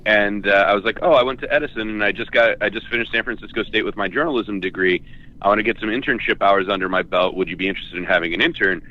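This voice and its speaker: A man's voice: on the low side, quick pace. A man in his forties from Southern California, a radio guest casually reminiscing. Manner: easygoing, anecdotal. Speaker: guest, former intern. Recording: dull, lo-fi sound.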